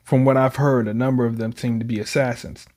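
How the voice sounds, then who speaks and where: A man reading the lines of a calm, long-winded male lab chief in a measured, explaining way, close to his own voice. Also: mid-range voice, lightly acted.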